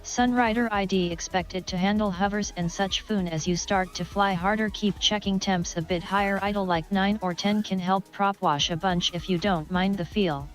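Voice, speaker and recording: A synthetic woman's voice reading out viewer chat messages in a flat, mechanical way. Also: medium pitch, normal speed, few pauses, soft background music. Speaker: text-to-speech chat reader.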